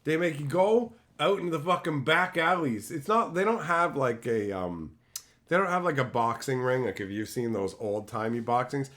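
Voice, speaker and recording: A man's voice: medium pitch, lively intonation, normal speed, a bit bright. A man streaming live, chatting casually and riffing on viewer messages with crude, profane jokes. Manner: crude, profane joking banter; riffs on viewer chat messages. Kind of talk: casual livestream chat.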